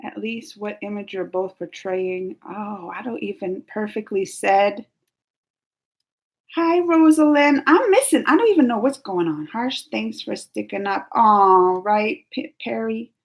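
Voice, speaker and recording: A woman's voice: medium pitch, unhurried, hardly any pauses. A woman hosting a casual live stream, chatting and giggling as she reads viewer comments aloud. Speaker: YouTube reaction host.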